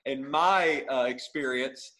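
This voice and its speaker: Man, podcast guest, mid-pitched, jovial and rambling. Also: slow pace, fairly bright tone, low-quality recording. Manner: rambling, self-correcting, jovial. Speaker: podcast guest, gospel singer. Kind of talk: casual chat.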